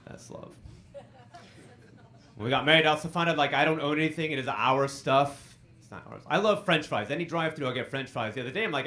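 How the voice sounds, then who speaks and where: A man's voice: medium pitch, a little fast, long pauses, bright, forceful tone. A man in his thirties doing a stand-up comedy set on a club stage, self-deprecating, with dry punchlines delivered to the crowd.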